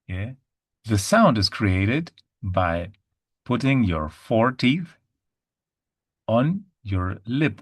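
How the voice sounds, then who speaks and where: Slow low-voiced man teaching pronunciation. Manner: patient, repeats words slowly for students to copy. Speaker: German teacher. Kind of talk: pronunciation lesson.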